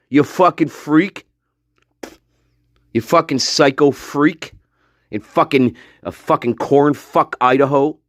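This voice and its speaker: A man's voice: on the high side, dry recording, studio quality. A man hosting a livestream, reading chat and ranting with scorn and heavy swearing. He laughs often and trails off into mutters. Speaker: livestream host.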